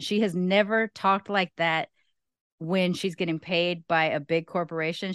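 A woman's voice: on the low side, fairly bright tone, clear, resonant tone, no echo, clean studio sound. A woman guest on a casual podcast, giving firm, emphatic opinions in a chatty way.

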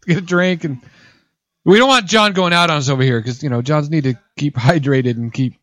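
Higher-voiced male host, dry studio sound. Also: brisk, fairly bright tone, no echo. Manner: laughing, teasing banter. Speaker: podcast host. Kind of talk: casual studio banter. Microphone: studio microphone.

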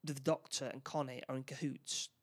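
A man's voice: mid-range voice, fairly even intonation. A man chatting casually as he recaps a film plot, stumbling over restarts and acting out the characters' lines. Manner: halting, many restarts, acts out lines.

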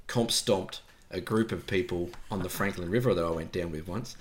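A man's voice: deep voice, moderate pace, slight background noise. An Australian man co-hosting a podcast, chatting casually and telling stories with frequent restarts. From Tasmania, Australia. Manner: relaxed storytelling, frequent restarts. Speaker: podcast co-host. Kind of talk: casual chat.

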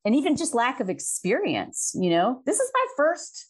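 A woman's voice: high voice, huge pitch swings, normal speed, husky. Candid woman in her forties. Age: 40s. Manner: frank, laughs often, swears casually. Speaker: guest. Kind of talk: candid conversational interview.

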